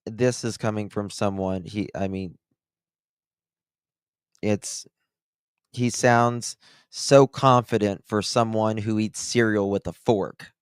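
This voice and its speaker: A man's voice: on the low side, fairly even intonation, takes it slowly, pauses often, clean tone, no room sound, clean studio sound. A male channel host giving sarcastic, incredulous commentary on played clips. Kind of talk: reaction commentary.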